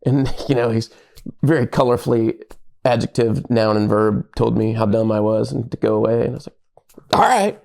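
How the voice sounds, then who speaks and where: A middle-aged pastor, appearing as a podcast guest, tells lively stories in relaxed conversation and performs the lines of the people he quotes. His voice is medium in pitch, brisk, and creaky.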